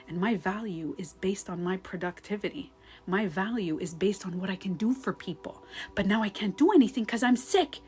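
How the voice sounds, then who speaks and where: A woman life coach talking casually into her phone on a live stream at home, animated and swearing freely as she acts out her own outbursts. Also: medium pitch, breathy edge. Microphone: phone on a ring light.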